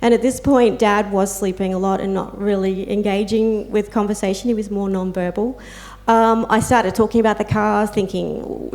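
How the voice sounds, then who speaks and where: Aussie woman telling heartfelt carer stories to a crowd, lots of ums, mid-pitched voice. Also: fairly even intonation, normal speed, darkish tone. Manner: heartfelt storytelling with fillers and quoted asides. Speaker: peer support volunteer and carer speaking on a panel. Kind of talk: personal talk to an audience.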